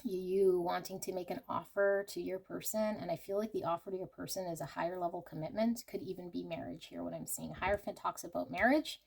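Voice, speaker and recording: A woman's voice: fairly low pitch, fairly even intonation, fairly quick, vocal fry, few pauses, a little mellow, husky. A woman giving a casual pick-a-card tarot reading to her viewers, emotional and chatty with many fillers. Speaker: tarot reader.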